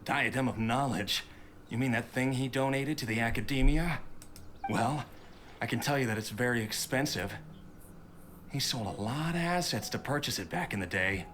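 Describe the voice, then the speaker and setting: An actor playing a bitter, resentful son in a game who talks coldly and grudgingly. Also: male voice, mid-range voice, normal speed, fairly bright tone, a little hiss or hum, lightly acted. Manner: cold, grudging.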